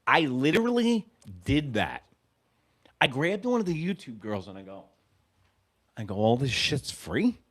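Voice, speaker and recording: Animated, bright-voiced male sports stream host. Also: fairly high pitch, moderate pace, pauses often. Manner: animated, profane storytelling with excited play calls. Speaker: host of a fan sports show. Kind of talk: live baseball reaction stream.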